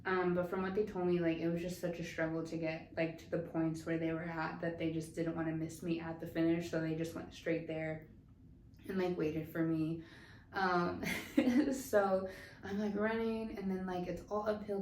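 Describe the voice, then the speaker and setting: With a fairly low pitch, little pitch movement, a darkish tone and a normal speed, a young southwestern American vlogger chats her way through a story packed with fillers. The room echoes and there's faint noise.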